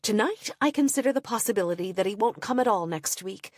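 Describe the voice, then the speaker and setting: A woman narrating an audiobook of first-person diary entries in an intimate, measured way. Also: mid-range voice, expressive, darkish tone, dry recording, studio quality.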